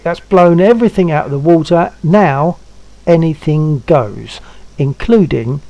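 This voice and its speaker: A man's voice: on the high side, creaky, a little mellow, no echo, low-quality recording. A man in his seventies hosting a stream, chatting casually and coaxing a friend to try something. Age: 70s. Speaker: stream host. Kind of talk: casual chat.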